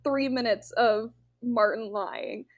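A young woman chatting casually on a podcast, her voice sitting a little high. She tells stories in a loose, animated way, full of "like" and "um". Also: takes it slowly. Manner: chatty, animated retelling with lots of fillers. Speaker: podcast co-host. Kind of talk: casual chat.

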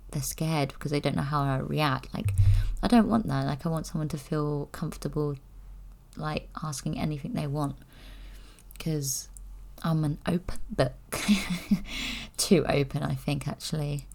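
A woman's voice: sits low, fairly even intonation, moderate pace, creaky, darkish tone. A young woman chatting candidly to camera, rambling and giggling as she talks. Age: young adult. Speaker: vlogger. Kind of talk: casual chat.

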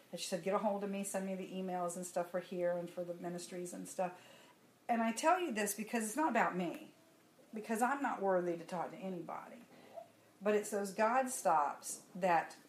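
A woman with a fairly low voice gives a personal testimony to a church congregation, telling it conversationally like a story and growing animated when she laughs. The room is echoey with faint ambience, plus a slight hiss or hum.

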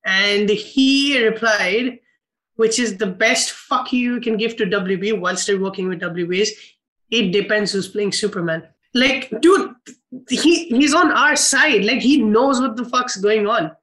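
A man's voice: sits high, normal speed, a bit bright, poor audio. A man co-hosting a film podcast, casual and heated, swearing and rambling with many restarts. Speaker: podcast co-host.

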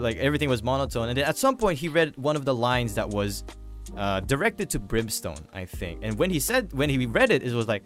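A man's voice: mid-range voice, expressive, brisk, fairly bright tone, faint music behind. A man hosting a casual chat, explaining things in a loose, rambling way. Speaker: podcast host.

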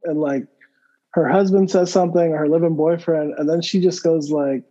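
High-voiced, excitable man on a podcast. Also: moderate pace, dull audio. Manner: animated, excitable storytelling. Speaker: podcast co-host. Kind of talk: casual chat.

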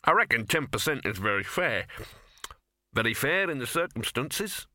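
A man's voice: mid-range voice, animated, a little slow, sharp tone, no echo, studio quality. A man voicing a scruffy, cynical male talking dog who sounds smug and sardonic, reading from a storybook. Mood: scheming.

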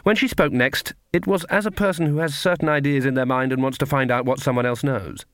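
A man's voice: mid-range voice, fairly even intonation, brisk, fairly bright tone, dry recording. Male audiobook narrator, dry close read. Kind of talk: scripted narration.

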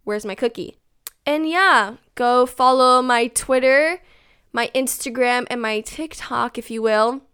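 A woman's voice: sits high, slow pace, pushed and bright, smooth. A young woman hosting her own podcast, chatting casually and rambling with lots of "like"s, joking at her own expense. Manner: chatty, rambling, self-mocking, many "like"s. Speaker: podcast host. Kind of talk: casual solo podcast chat.

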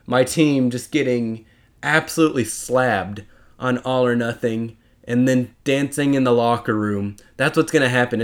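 A young man hosting a casual solo podcast, rambling and chatty with self-mocking asides. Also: medium pitch. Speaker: podcast host.

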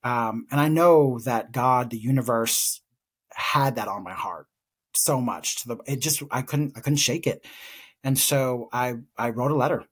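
Husky-voiced man telling a heartfelt story. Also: medium pitch, measured pace. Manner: earnest, reflective, emotional. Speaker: podcast co-host. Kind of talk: casual personal storytelling.

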